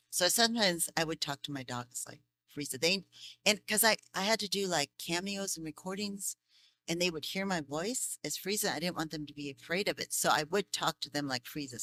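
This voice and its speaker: A chatty voice actress fields fan questions at a convention panel, telling stories with plenty of laughter. Her voice sits somewhat low for a woman yet sounds bright and forceful. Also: slight background noise. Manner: chatty, laughs often, animated storytelling. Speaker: voice actress guest.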